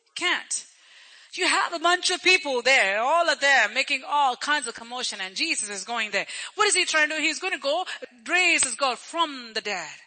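Very high, bright-voiced male preacher. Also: animated, moderate pace, rough recording. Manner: storytelling preacher who acts out crowd voices; conversational, repeats phrases for emphasis. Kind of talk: sermon.

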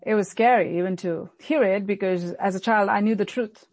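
A woman pastor delivering an earnest sermon, slowing down and repeating lines for emphasis. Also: mid-range voice, a little mellow, no echo. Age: adult, recalls childhood many years ago.

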